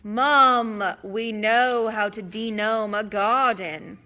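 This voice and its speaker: A woman's voice: a little high, fairly even intonation, slow, sharp tone. A woman reading aloud, voicing a cheeky teenage boy wizard pleading with his mother.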